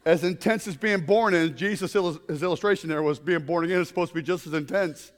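A man preaching a humorous sermon to a congregation, telling stories in an animated way with bursts of shouting. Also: a little high, fast, big-room sound. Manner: animated storytelling with comic shouted outbursts. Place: congregation in a room.

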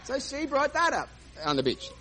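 A man's voice: very high-pitched, wildly swooping pitch, moderate pace, background noise. A man comedian telling a self-mocking story on stage and acting out the dialogue. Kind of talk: stand-up storytelling.

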